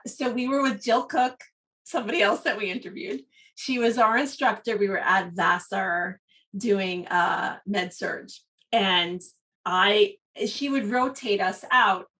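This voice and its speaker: A woman co-hosting a podcast, telling a story in a lively way and often laughing mid-sentence. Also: mid-range voice, unhurried, far from the mic. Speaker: podcast co-host. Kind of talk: casual storytelling chat.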